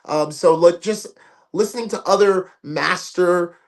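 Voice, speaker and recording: A man who works as a ring announcer, with a raspy voice, chatting casually as a guest and animatedly acting out quotes in changing voices. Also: sits high, measured pace. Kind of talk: casual interview chat.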